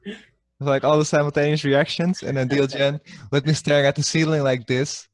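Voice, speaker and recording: A man's voice: a little high, steady tone, a little fast, no echo. A man chatting casually on a live stream, laughing often and stumbling over restarts as he tells funny stories. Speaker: streamer and mafia player.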